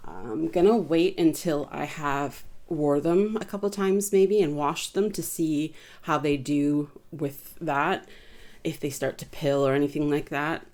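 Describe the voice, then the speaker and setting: Woman, low voice, chatty home vlogger reviewing her purchases, informal and rambling. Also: darkish tone. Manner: chatty, rambling, frequent fillers and restarts. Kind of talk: casual haul review.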